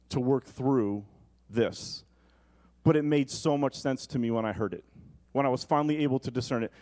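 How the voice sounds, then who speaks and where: A male pastor preaching an earnest, personal sermon in a church, slowing down for emphasis and rushing through asides. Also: mid-range voice, darkish tone. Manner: earnest and personal, shifting between slow emphasis and quick asides. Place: church sanctuary.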